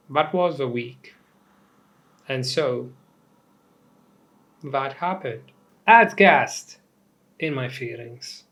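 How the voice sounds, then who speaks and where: A young man from Mauritius with a medium-pitched voice hosts a casual comedic commentary show. He talks in an animated, rambling way, with swearing and asides.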